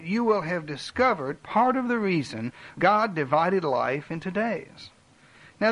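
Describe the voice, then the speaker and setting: Earnest male preacher, fairly high voice. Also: fairly bright tone, rough recording. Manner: earnest preaching with dramatic drops in volume; direct, personal appeals to listeners. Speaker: pastor. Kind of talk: sermon.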